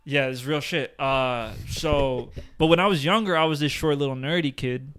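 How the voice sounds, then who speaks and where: A man's voice: on the high side, moderate pace, fairly bright tone, smooth. A man from Uruguay co-hosting a podcast, joking, teasing and getting defensive in casual banter. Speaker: podcast co-host.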